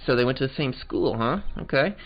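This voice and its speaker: A let's play host voices the game as he plays, chatting loosely and joking in a medium-pitched, animated voice at a fairly quick clip. It's casual commentary and voicing, recorded muffled with game music behind him.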